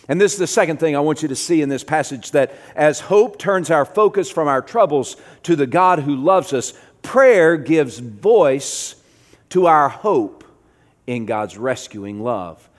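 A middle-aged pastor preaching a sermon, moving from quiet, low passages to loud, emphatic ones, often repeating words as he builds. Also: expressive, unhurried.

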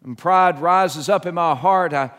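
A middle-aged man preaches a sermon in an earnest, halting way, restarting his phrases and putting questions to the listeners. His voice sits high for a man. A long reverb from the hall trails each phrase. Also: fairly bright tone. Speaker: pastor.

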